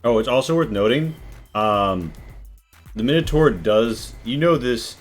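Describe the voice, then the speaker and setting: A man narrating as game master, relaxed and rambling with many fillers. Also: mid-range voice, unhurried, soft background music.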